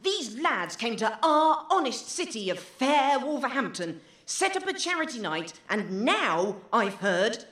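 A woman's voice: on the high side, sing-song, unhurried, hardly any pauses, fairly bright tone, roomy sound. A woman playing a brash, mocking young activist.

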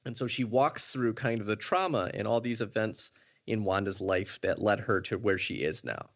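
A man's voice: on the low side, normal speed, creaky, muffled recording. A man co-hosting a podcast, walking through an episode recap in casual chat, methodical with many fillers. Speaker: podcast co-host.

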